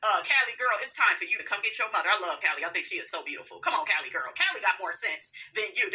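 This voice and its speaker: A woman hosting a reality TV recap, gossiping casually with sassy put-downs and playful asides to her viewers. She drags some words out slowly for emphasis. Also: medium pitch, expressive, pushed and bright, low-quality recording.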